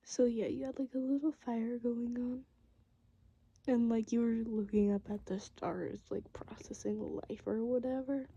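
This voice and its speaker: A woman in a whispered role-play, speaking to the listener in a soft, mostly unvoiced whisper, rambling and hesitant with many fillers. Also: a little high, fairly even intonation, normal speed, husky, highs cut off.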